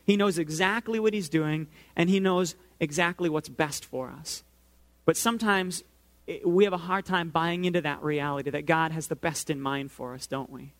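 Male pastor, 30s, higher register, relaxed storytelling sermon. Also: normal speed. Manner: conversational, storytelling, talks to the audience directly.

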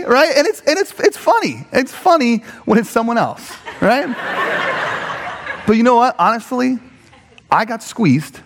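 Male pastor, fairly high voice, comic storyteller, long hall reverb. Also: normal speed, slight background noise. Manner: animated, jumps into high mock voices for quoted people.

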